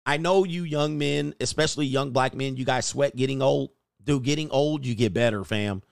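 A middle-aged man talks through his commentary in a loose, slangy, sermon-like way, breaking into laughter now and then. His voice sits at an ordinary pitch. The room sound is dry and close. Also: normal speed, gravelly, dry recording. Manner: slangy, preachy, laughing asides. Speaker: host. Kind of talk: casual commentary.

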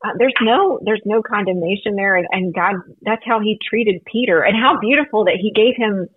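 A woman's voice: mid-range voice, normal speed, husky, no room sound. A woman guest in a faith-based podcast conversation, talking in an earnest, reflective, storytelling way over a call line. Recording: tinny phone line.

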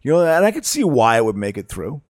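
A man's voice: medium pitch, big pitch swings, fast talker, no room sound, clean studio sound. A man co-hosting a casual movie commentary podcast, rambling and laughing often. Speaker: podcast co-host.

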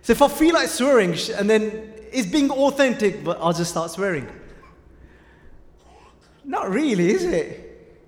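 High-voiced preacher in an echoing hall. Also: male voice, sing-song, unhurried, pauses often. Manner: conversational, quizzes the audience, mixes in Punjabi. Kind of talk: sermon with storytelling. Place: large hall with a live audience. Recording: echoey hall with long reverb.

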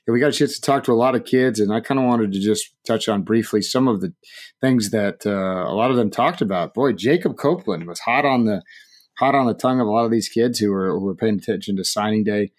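A man hosting a sports talk show, relaxed and quick to laugh. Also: on the low side. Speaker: host. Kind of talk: casual sports chat.

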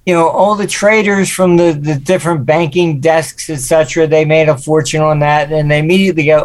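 A man's voice: fairly high pitch, steady tone, a little fast, few pauses. Older male guest; casual storyteller, slips into quoted voices. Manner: anecdotal, acts out quoted voices. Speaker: guest, market forecaster. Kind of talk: interview storytelling.

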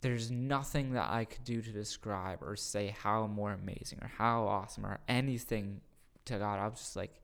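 A man, a youth pastor, telling a retreat story on a podcast in a casual, excited way, often repeating his words. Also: on the low side, normal speed, creaky.

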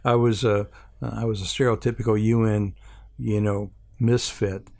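A man's voice: on the low side, little pitch movement, normal speed, vocal fry, warm tone. An older man from Hawaii, an interview guest telling a rambling anecdote with many restarts and fillers, acting out the other people's lines as he goes.

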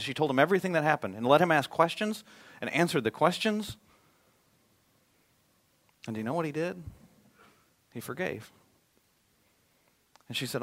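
A male pastor preaching a sermon, swinging from loud emphatic appeals to a hushed, prayerful tone. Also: on the high side.

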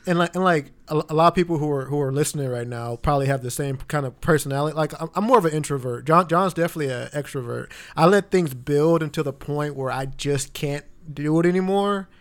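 A man's voice: on the high side, fast, hardly any pauses. A young man co-hosting a podcast, speaking in a laid-back, reactive way and often restarting his sentences. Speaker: podcast co-host. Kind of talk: casual chat.

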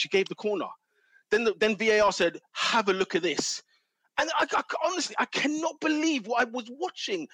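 An exasperated man rants about football and repeats himself. His voice sits very high and the words come fast. The sound is dry and close, with no room around it. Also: a bit bright, dry recording. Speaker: football pundit. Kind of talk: heated football argument.

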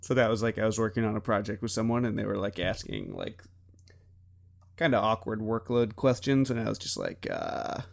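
A man's voice: lowish voice, very animated, a little fast, vocal fry. A young man in his twenties co-hosting a podcast, chatting casually and rambling with frequent laughs. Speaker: podcast co-host. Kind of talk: casual chat.

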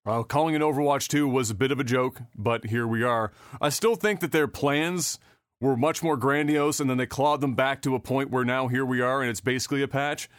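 A man hosts a casual gaming news podcast in a sarcastic, offhand way, swearing freely. His delivery rambles with fillers and restarts. His voice is of middle pitch and sounds dry and close. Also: fairly quick, no room sound. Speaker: podcast host.

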